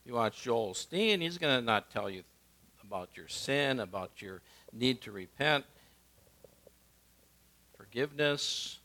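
A male pastor, preaching a sermon and swinging from emphatic lines to hushed ones. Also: mid-range voice, lively intonation, measured pace, long pauses.

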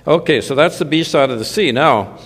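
A man's voice: a little high, brisk, a bit bright. Preaching man in a reverberant hall. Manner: conversational preaching, mildly sardonic asides. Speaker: pastor. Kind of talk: sermon.

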